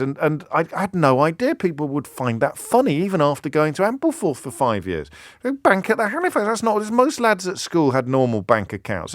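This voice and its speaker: A man's voice: mid-range voice, no room sound, studio quality. A middle-aged English man hosting a radio phone-in, talking reflectively with frequent restarts and building into impassioned questions. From England. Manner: conversational, many restarts, rising to impassioned questions.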